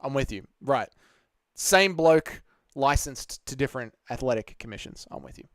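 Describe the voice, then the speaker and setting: A man's voice: mid-range voice, expressive, normal speed, no room sound, studio quality. An Australian man hosting a live stream, answering chat in a blunt, sarcastic, swearing way.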